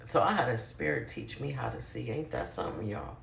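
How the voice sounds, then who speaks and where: An adult vlogger telling a personal paranormal story to camera in a confiding, casual way, often speaking straight to viewers and sometimes dropping to a hushed murmur. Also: medium pitch, huge pitch swings, brisk, creaky, reverberant, a little hiss or hum.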